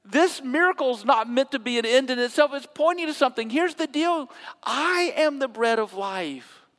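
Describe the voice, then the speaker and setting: A preacher voicing an urgent, high-pitched teacher. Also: male voice, a little fast, fairly bright tone. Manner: emphatic, urgent repetition. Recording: long hall reverb.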